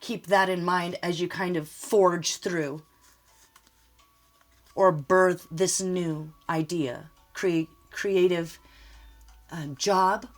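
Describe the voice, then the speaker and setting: A woman's voice: lowish voice, fairly even intonation, drawn-out words, long pauses, soft background music. A woman giving a casual spoken tarot reading, talking in a rambling, emotional way and often laughing. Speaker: tarot reader.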